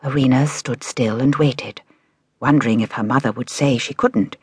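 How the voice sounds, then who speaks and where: Breathy woman reading a children's story. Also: extremely low pitch, no echo, studio quality. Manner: measured, expressive storytelling. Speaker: audiobook narrator. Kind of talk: children's audiobook narration.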